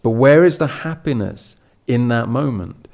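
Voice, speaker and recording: A man's voice: medium pitch, lively intonation, a little slow, creaky, a little mellow. Chatty man telling a story. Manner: storytelling with restarts and acted quotes. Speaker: Buddhist teacher giving a talk. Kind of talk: casual spoken dharma talk.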